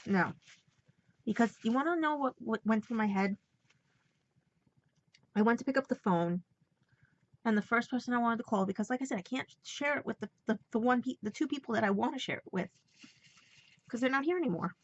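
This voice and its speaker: A woman's voice: a little high, fairly quick, long pauses, lo-fi sound. A woman with a New York accent talking emotionally in a rambling personal vlog, holding back tears. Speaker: vlogger.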